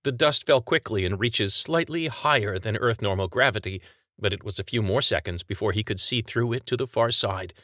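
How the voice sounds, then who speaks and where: Low-voiced man narrating an audiobook. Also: moderate pace, a bit bright, no echo, clean studio sound. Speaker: author narrating his own story.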